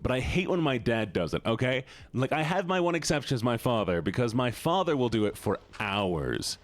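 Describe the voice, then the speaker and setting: A man's voice: mid-range voice, very animated, moderate pace, no room sound. A young man from the US Midwest, chatting playfully and rambling to his chat while gaming on a live stream.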